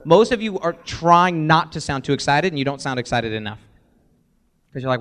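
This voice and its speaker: A man presenting a live sales workshop, energetic, acting out sample voicemails as he teaches. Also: on the high side, moderate pace.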